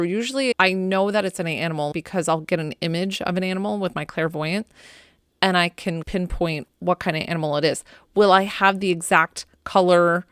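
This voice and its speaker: A middle-aged woman hosting a podcast as a pet psychic, telling stories in a chatty, animated, heartfelt way full of "like"s. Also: lowish voice, smooth, no echo, clean studio sound. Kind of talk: casual heartfelt storytelling.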